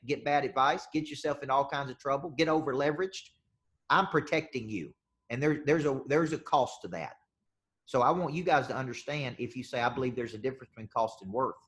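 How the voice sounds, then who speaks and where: Punchy business coach. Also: male voice, mid-range voice, a bit bright. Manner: punchy, emphatic, repeats phrases. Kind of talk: live group coaching session.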